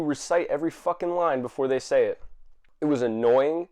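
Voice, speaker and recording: A man ranting to camera, exasperated and swearing, with many fillers and restarts and sudden bursts of shouting. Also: medium pitch, expressive, brisk. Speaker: vlogger. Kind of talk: angry rant to camera.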